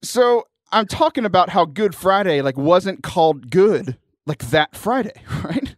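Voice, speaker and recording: A man hosting a casual comedic radio show, energetic and rambling, laughing between jokes. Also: high voice, unhurried, hardly any pauses, no room sound, clean studio sound. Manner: energetic, jokey, rambling with restarts. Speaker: podcast host. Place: radio studio.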